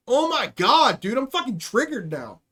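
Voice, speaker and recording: A man's voice: very high-pitched, bright, forceful tone. A male comedian hosting a live-streamed podcast, ranting heatedly and swearing freely.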